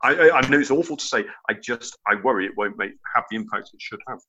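A man's voice: mid-range voice, animated, fast talker, sharp tone, highs cut off, slight background noise. A man speaking as a panelist on a sports show, giving earnest, rambling opinions.

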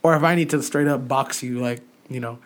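A man's voice: medium pitch, steady tone, fairly quick. A young man giving blunt, emphatic opinions in a casual chat, full of "like". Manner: blunt and emphatic, many "like" fillers.

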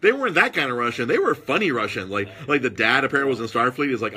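A man telling stories in casual podcast chat, animated, with husky tone. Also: mid-range voice, rapid-fire, hardly any pauses. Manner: animated storytelling with put-on quoted voices.

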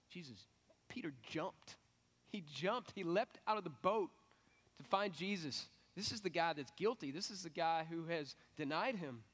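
A middle-aged male pastor with a fairly high voice delivers a sermon that is conversational and animated, building toward emphatic peaks.

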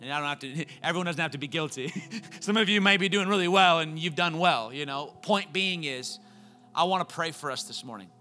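A young man preaching with a bright, forceful voice that sits a little high for a man. He moves between relaxed storytelling and fervent, rising appeals, with quick laughs along the way. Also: faint music behind. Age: young adult. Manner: animated storytelling, voices quoted lines, builds to loud fervent climax. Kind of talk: sermon.

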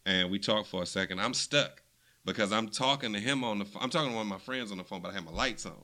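Man, low voice, bright edge, casual podcast storyteller, acts out quotes. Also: quick pace. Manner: long animated storytelling, quotes others. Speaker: podcast co-host.

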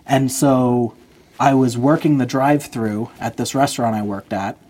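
A man's voice: medium pitch, fairly even intonation, normal speed, a little mellow. A man in his twenties, a podcast guest, earnestly telling a personal story.

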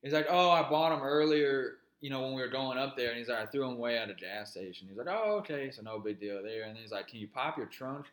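Man, podcast co-host, profane rambling storyteller, echoey room, medium pitch. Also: quick pace, few pauses, fairly bright tone. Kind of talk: casual storytelling chat.

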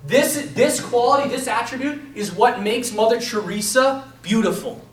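Animated high-voiced male teacher, echoey room. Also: moderate pace. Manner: animated, addresses listeners as man and you guys. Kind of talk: lively classroom lecture. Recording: echoey room, mic from a distance.

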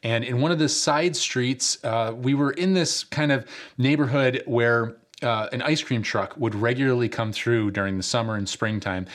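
A man from upstate New York giving a sermon as a pastor, telling a story in a conversational way with frequent fillers and repeating rhetorical questions. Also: medium pitch.

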